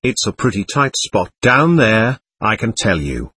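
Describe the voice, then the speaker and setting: A man voicing a tired, sleep-deprived frontline soldier who grumbles offhandedly, with a husky voice. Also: fairly low pitch, big pitch swings, a little slow, sharp tone, dry recording, heavily acted. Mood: weary grumbling.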